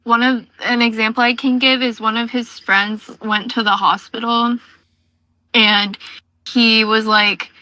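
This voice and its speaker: A woman's voice: on the high side, flat delivery, a little slow, pushed and bright, no room sound, low-quality recording. A woman answering interview questions casually, hesitant, with many fillers. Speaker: interview guest.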